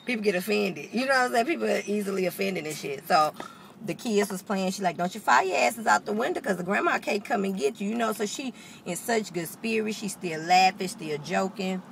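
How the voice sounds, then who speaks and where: A woman with a medium-pitched, creaky voice talks briskly to the camera, telling a story with plenty of swearing. Animated, she acts out the people she quotes, and a little hiss or hum runs under the recording.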